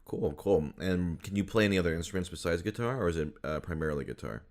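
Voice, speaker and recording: Podcast host, male, very low voice, relaxed rambling chat. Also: fast talker. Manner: relaxed, rambling, laughs often. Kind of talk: casual interview chat.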